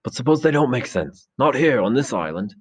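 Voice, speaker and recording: A man's voice: mid-range voice, sing-song, brisk, husky, voice pushed up. A man reading aloud, voicing an earnest, troubled boy who was chosen chief. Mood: uneasy.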